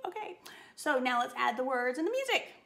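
A woman's voice: high voice, sing-song, fairly quick, creaky. A woman voice teacher giving a singing lesson, upbeat and encouraging as she coaches a phrase.

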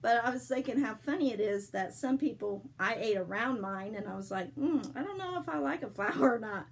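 An older woman with a husky voice, gently telling a story and devotional to her grandchildren. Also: on the high side, expressive, fairly quick, low-quality recording. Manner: gentle, affectionate, sings softly. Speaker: storyteller for children.

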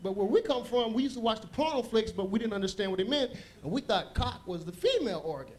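A man's voice: high voice, animated, quick pace. A man doing a stand-up comedy set on a club stage, telling loose, rambling stories with asides.

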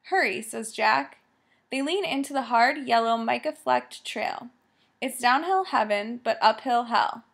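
A woman's voice: on the high side, a little slow, creaky, fairly bright tone, slightly rough. Woman narrating a story. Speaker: audiobook narrator.

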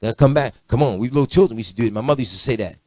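A man's voice: rapid-fire, no room sound. Preacher, male, fiery and confrontational, dry close recording. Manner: animated preaching, swings from low murmurs to loud rebukes; blunt, confrontational street-style preaching. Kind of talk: sermon.

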